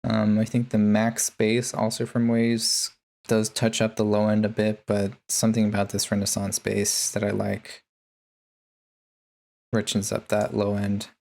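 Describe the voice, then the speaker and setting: Laid-back gravelly man explaining plugins. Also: lowish voice, completely flat delivery, a little slow, a little mellow. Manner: laid-back, many ums and uhs. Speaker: music producer. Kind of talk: casual tutorial narration.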